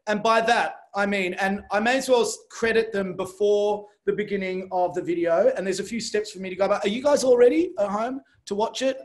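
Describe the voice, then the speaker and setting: Male host, high voice, casual livestream chat, jokes and fillers. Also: brisk, hardly any pauses. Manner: chatty and joking, rambling with fillers.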